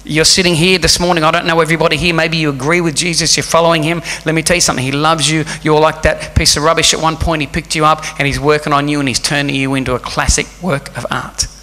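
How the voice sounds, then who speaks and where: A man's voice: a little high, level tone, quick pace, few pauses. Male pastor, fervent sermon delivery, piercing tone, long reverb. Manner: passionate, building to loud fervent preaching.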